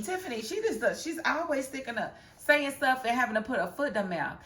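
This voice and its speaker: A sassy woman talks through a reality show, slipping into the voices of the people on it with plenty of attitude. Her voice sits in the middle of the range. The room around her rings with a noticeable echo. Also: mid-range voice. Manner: sassy, animated, acts out cast members' lines. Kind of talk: casual commentary. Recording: roomy echo.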